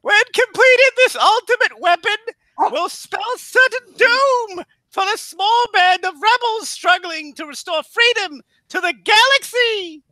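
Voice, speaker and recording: A man doing a shrill, pompous movie-narrator voice as an excited nerd, drawn out and dramatic. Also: unhurried, no room sound, full character voice, rough recording. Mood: grandiose. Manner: over-the-top pompous announcing, drawn out.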